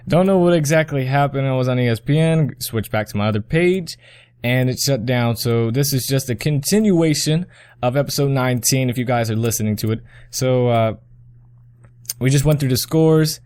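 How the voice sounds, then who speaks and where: A man's voice: medium pitch, moderate pace, darkish tone, smooth, no room sound, studio quality. A young man hosting a casual sports podcast, rambling through scores, correcting himself and chuckling often. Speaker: podcast host.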